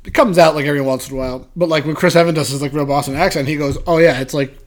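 A man's voice: a little high, racing. Rambling man from Western Massachusetts. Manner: rambling, animated storytelling with many fillers. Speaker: podcast co-host. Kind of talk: casual chat.

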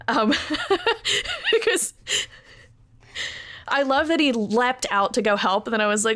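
A woman's voice: a little high, sing-song, takes it slowly, pauses often, fairly bright tone, no echo. A woman co-hosting a podcast, chatting casually and animatedly with lots of fillers and laughter. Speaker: podcast co-host watching a show for the first time. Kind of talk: casual chat.

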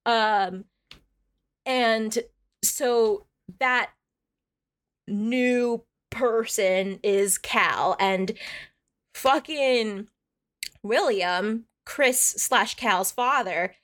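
A woman's voice: on the high side, very slow, pauses often, fairly bright tone. A woman co-hosting a podcast, casually recapping a story in a chatty manner full of swearing and "like". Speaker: podcast co-host.

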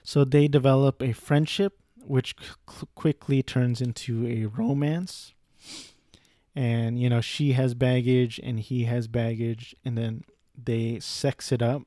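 A man's voice: mid-range voice, fairly even intonation, slow, dark tone, no room sound, studio quality. A young man giving a casual, rambling film review, swearing freely and breaking off into asides. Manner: rambling, profane, frequent restarts and asides.

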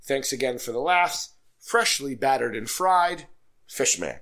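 A man's voice: mid-range voice, animated, unhurried, fairly bright tone. A man co-hosting a casual podcast, joking around and reading listener emails aloud. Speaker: podcast co-host. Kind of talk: casual chat.

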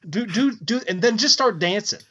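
Bright-voiced wisecracking man. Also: high-pitched, expressive, husky, dull audio. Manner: wisecracking, quick jokes. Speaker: podcast co-host. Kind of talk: casual joking chat.

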